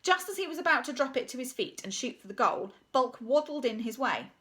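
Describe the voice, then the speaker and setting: A woman's voice: high-pitched, animated, brisk, a bit bright. Woman, storybook reader, playful, sound effects and asides. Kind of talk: children's story reading.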